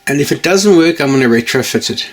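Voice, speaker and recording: A man's voice: mid-range voice, expressive, fast talker. A man hosting his own channel in a casual chat to camera, rambling and jokey, often correcting himself mid-sentence. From United Kingdom. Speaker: channel host.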